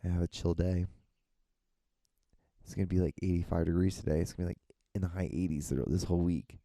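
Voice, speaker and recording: A young man rambles through a casual solo podcast, swearing freely and acting out what others said. His voice is low, dark and gravelly. It sounds close and dry, with no room echo. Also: flat delivery, a little fast. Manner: rambling, swears a lot, acts out quotes. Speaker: podcast host.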